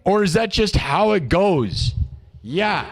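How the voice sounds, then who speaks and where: Guy streaming live, high voice, pumped up, chanting pep talk, long reverb on it. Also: very animated, takes it slowly. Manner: mocks his haters.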